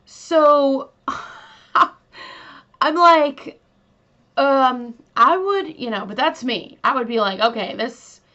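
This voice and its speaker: A woman's voice: sits high, lively intonation, extremely slow, pauses often, bright, forceful tone. A woman hosting a true crime show, telling the case in a chatty, casual way with lots of fillers and asides to her listeners. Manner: chatty, many fillers, talks to listeners directly. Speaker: true crime podcast host. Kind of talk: casual storytelling. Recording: slightly dull lo-fi recording.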